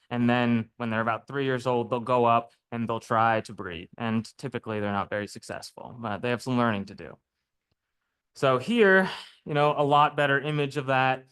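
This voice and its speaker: A man giving a chatty, lively talk to a live audience as a naturalist, often checking in with "right?" and "okay?". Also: medium pitch, normal speed, clean tone. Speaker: naturalist speaker. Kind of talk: public lecture with slides. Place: lecture room before a live audience.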